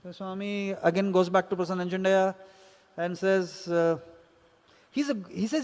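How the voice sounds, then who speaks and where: High-pitched guy telling a story from his school days, acts out the quotes, echoey hall. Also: moderate pace, darkish tone. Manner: storytelling, acting out quoted exchanges. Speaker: teacher recounting a personal story. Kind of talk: spoken personal anecdote. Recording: hall reverb.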